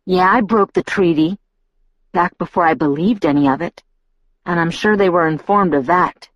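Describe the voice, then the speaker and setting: A woman's voice: fairly low pitch, normal speed, no echo, lo-fi sound, close to an everyday voice. A woman reading a novel aloud, voicing a brooding teenage boy who speaks in a grave, bitter way. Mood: grim.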